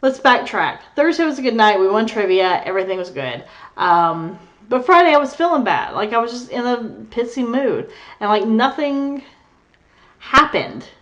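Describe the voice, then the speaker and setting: A woman's voice: fairly high pitch, very animated, moderate pace, fairly bright tone. A young adult woman vlogging, telling a rambling story in casual chat and laughing as she goes. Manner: candid, rambling, laughs through her story.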